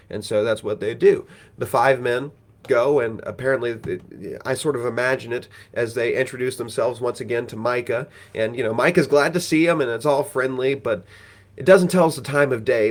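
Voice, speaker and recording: A man reading scripture aloud and retelling it in a conversational, folksy way as a Bible teacher. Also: mid-range voice. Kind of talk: scripture reading with casual commentary.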